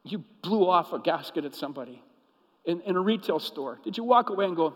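A man preaching a sermon as pastor, telling stories and moving between hushed, intimate passages and emphatic, rising ones. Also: high voice, lively intonation, fairly quick, in a large hall, poor audio.

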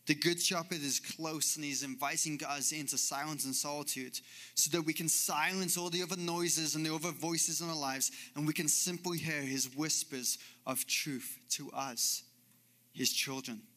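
Male pastor mid-sermon, bright forceful voice, earnest rhythmic delivery from a church stage. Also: on the high side, steady tone, normal speed. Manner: earnest, repetitive preaching cadence.

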